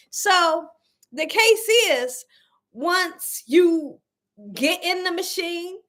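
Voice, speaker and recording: A woman hosting a cooking livestream, telling a story to her viewers in a lively, animated way and laughing often. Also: sits high. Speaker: cooking channel host on a livestream. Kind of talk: casual livestream chat with viewers.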